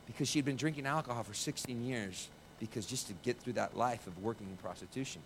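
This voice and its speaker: A man preaching as a pastor, telling a story with lively quoted voices before a congregation. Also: a little high, fairly quick, slight background noise, low-quality recording. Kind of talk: sermon with storytelling. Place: church stage before a congregation.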